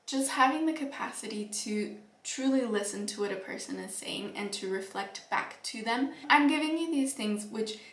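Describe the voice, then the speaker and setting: A young woman vlogger giving earnest, reflective advice to the camera, with soft laughs and fillers. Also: a little high, lively intonation, normal speed, distant mic, slight background noise. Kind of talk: casual advice talk to camera. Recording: echoey room, voice a bit off-mic.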